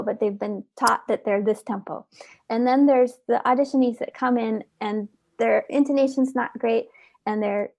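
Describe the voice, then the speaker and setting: A woman's voice: a little high, warm tone, no room sound. A woman guest on an interview, talking casually and earnestly, often repeating words as she gathers her thoughts. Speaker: orchestra oboist, interview guest.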